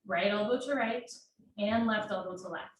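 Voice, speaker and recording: A woman teaching a live yoga class from home, calling out poses in steady, directive short commands. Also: mid-range voice, normal speed. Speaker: yoga instructor. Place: home room. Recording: very echoey room, mic far off, faint noise.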